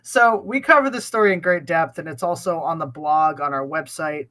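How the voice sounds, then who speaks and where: A man's voice: fairly high pitch, moderate pace, sharp tone. A man co-hosting a podcast in casual chat, sick with a cough, talking at length and often restarting his sentences. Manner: talkative, rambling with many restarts. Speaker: podcast co-host.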